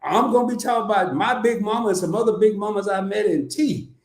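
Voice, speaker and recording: A man from Arkansas with a Southern accent, hosting a casual live-stream chat and telling stories in a lively, animated way with many restarts. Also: high-pitched, quick pace, roomy sound. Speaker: podcast host.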